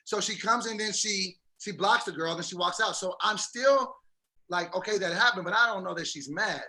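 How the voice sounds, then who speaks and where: Speaking in a high voice at moderate speed, this man co-hosts a podcast and spins a story in relaxed conversation, energetically performing the quotes as he goes.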